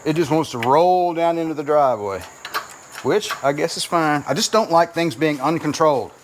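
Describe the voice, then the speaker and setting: A man's voice: fairly high pitch, moderate pace. A man hosting a garage vlog, rambling in a folksy, self-deprecating way while working in his home garage and driveway. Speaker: garage channel host. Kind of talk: casual workshop vlog narration. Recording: noisy garage recording with clanking.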